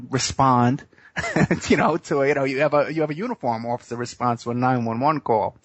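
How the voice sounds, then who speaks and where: A man's voice: mid-range voice, no room sound. Rambling male radio host. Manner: rambling storyteller, frequent fillers. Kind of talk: casual radio talk. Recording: muffled dry radio audio.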